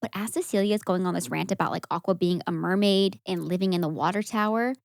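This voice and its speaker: A young woman co-hosting a podcast, recapping a movie in casual chat and acting out the characters' lines in an animated way. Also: fairly low pitch, fast talker, gravelly, no room sound, clean studio sound. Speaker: podcast co-host.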